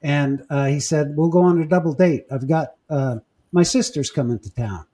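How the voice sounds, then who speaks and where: Mellow, halting male storyteller. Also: a little high. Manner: storytelling, halting with repeats and fillers. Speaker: podcast host. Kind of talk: casual chat.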